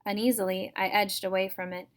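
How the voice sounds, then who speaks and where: A teacher reads a first-person chapter book to her students at a brisk pace, her delivery steady and even and her pitch strikingly flat and narrow. It's a plain home recording.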